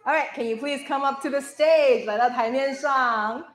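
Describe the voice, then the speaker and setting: A woman's voice: high voice, a bit bright. A young woman, a visiting radio presenter, leading schoolchildren through tongue twisters in an upbeat, encouraging way, often laughing. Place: school hall with children. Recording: echoey hall with children's chatter.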